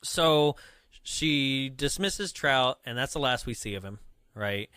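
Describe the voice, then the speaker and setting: Bright-voiced rambling male podcast co-host. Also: medium pitch, expressive, slow, clean tone, no echo, clean studio sound. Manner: rambling, lots of 'like' and 'right?'. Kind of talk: casual chat recapping a film.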